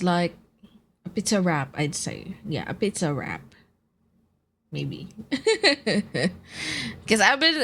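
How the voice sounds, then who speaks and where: A young woman streamer chatting casually with viewers in a low, groggy voice from just waking up, laughing and swearing easily while she eats. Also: fairly bright tone, slight background noise. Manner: laid-back, laughs often, swears casually, chats with viewers while eating. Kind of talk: casual live-stream chat.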